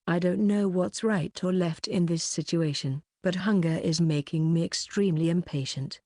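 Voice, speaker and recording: A woman narrating a web novel audiobook in an even, measured reading. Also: on the low side, dry recording, clean studio sound. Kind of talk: scripted narration.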